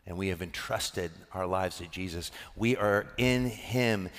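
A man's voice: sits low, a little slow, a bit bright, big-room sound. A man preaching a sermon as pastor, earnest and building to impassioned emphasis.

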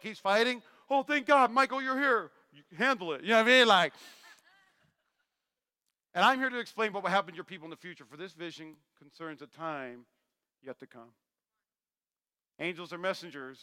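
Lively bright-voiced male pastor preaching. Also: fairly high pitch, clean tone. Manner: animated, acts out voices of Bible figures, jokey asides. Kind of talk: sermon. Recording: long hall reverb.

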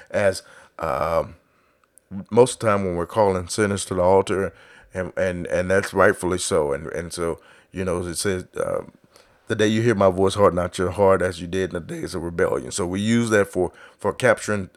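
Starting out low and quiet, a male preacher gradually rises to loud exhortation in his sermon. He uses repeated refrains and performs the voices of biblical figures.

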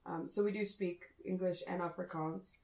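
A young woman from South Africa speaks with her native accent in relaxed podcast chat. Her voice sits slightly low. She talks freely and pokes fun at herself. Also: normal speed, vocal fry, low-quality recording. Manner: chatty, self-deprecating. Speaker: podcast guest.

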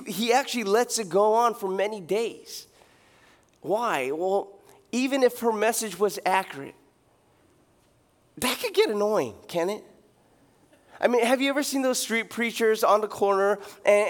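A young adult man preaching a sermon as pastor, animated and joking, sometimes mimicking loud street preachers. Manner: animated, acts out shouting street preachers with big pitch jumps; joking, laughs at his own asides.

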